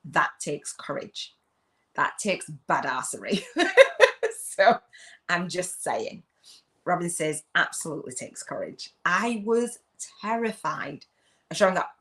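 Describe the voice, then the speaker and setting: A middle-aged English woman from the UK, hosting a live video chat as a spiritual business coach, loud and effusive with frequent laughs. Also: lowish voice, lively intonation, unhurried.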